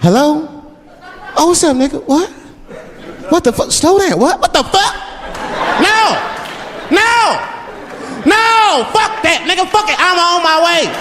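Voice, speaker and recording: A man putting on a frantic high-voiced limo driver. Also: expressive, moderate pace, background noise. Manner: frantic yelling on the phone. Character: excitable male late-night limo driver. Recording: large hall with live crowd.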